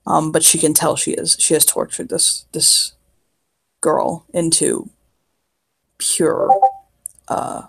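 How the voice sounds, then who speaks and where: Slow, gravelly tabletop player. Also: mid-range voice, little pitch movement, a bit bright. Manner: halting, casual, swears often, many fillers. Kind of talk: describing a character's actions in a tabletop game.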